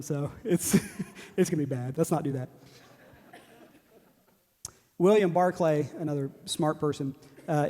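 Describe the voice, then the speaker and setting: A man's voice: fairly high pitch, a little mellow. A man, preaching a sermon in a joking, self-deprecating way and laughing often. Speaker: pastor. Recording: long hall reverb.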